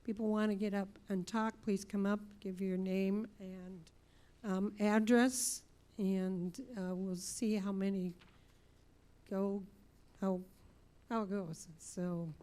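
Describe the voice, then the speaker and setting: Mellow-voiced woman mayor chairing a meeting. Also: medium pitch, fairly even intonation. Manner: brisk, procedural, informal. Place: city council chamber.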